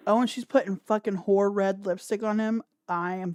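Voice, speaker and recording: A woman's voice: mid-range voice, fairly even intonation, normal speed, darkish tone, clean tone, no room sound, clean studio sound. Crude joking woman livestream host. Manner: crude, joking, laughs often. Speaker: podcast host. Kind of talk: casual livestream commentary.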